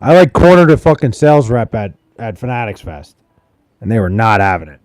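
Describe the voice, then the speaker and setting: A man's voice: mid-range voice, very animated, a little fast, darkish tone. A young man chatting casually on a live stream, joking and swearing loosely with his chat while sounding tired. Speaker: livestreamer. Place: at home in Wisconsin.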